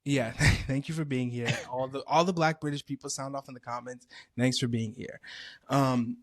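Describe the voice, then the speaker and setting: A man's voice: medium pitch, moderate pace, no echo, clean studio sound. Playful young man chatting on a podcast. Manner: animated, playful, rambling. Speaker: podcast co-host. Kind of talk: casual podcast chat.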